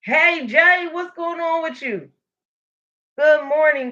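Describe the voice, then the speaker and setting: Woman live-stream host, bright and energetic, cheering viewers on; slightly muffled stream audio. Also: fairly high pitch, a little slow. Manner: energetic, encouraging, calls out to viewers. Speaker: motivational livestream host. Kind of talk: live-stream pep talk reading comments.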